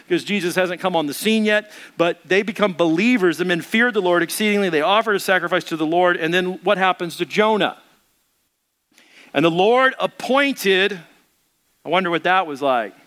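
A middle-aged man preaching a sermon, animated and acting out the Bible story in little voices. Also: sits high. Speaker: pastor.

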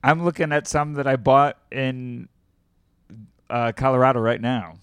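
A man's voice: medium pitch, steady tone, measured pace, fairly bright tone, smooth, no echo, clean studio sound. A man chatting casually over a remote call, easygoing, making puns and laughing along. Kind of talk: casual chat.

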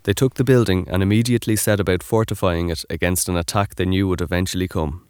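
A man giving scripted documentary narration in an even, informative way. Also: sits low, quick pace, clean tone, dry recording, studio quality.

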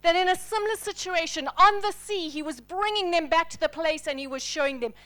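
A woman's voice: extremely high pitch, a little fast, few pauses, pushed and bright. A woman preaching a sermon to a congregation, telling Bible stories dramatically and dropping to a near whisper at the key moments.

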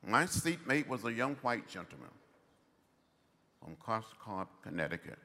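An older man, delivering a commencement address in slow, rhythmic oratory. His bright, forceful voice rises and falls widely, and it carries a long reverb from the loudspeakers at a large outdoor ceremony. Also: on the low side, big pitch swings. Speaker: commencement speaker.

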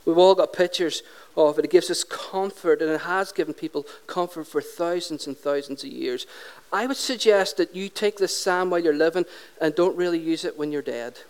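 A man's voice: fairly high pitch, normal speed, clean tone. A middle-aged man, preaching a humorous, conversational sermon and asking the congregation questions.

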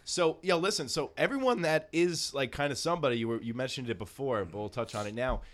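A man's voice: medium pitch, quick pace, music in the background. A man hosting a casual podcast chat, jokey and profane. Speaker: podcast host.

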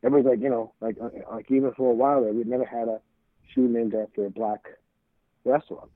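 A middle-aged man talks fast in a medium-pitched voice with little pitch movement, telling casual stories as an interview guest. Rambling and stumbling over repeated words, he acts out old conversations, heard through tinny, phone-like audio without echo.

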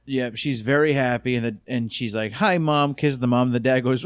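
A man's voice: medium pitch, a little fast, smooth, dry recording, clean studio sound. A young adult man co-hosting a podcast, recapping a film in laid-back casual chat and acting out the characters' lines. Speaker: podcast co-host.

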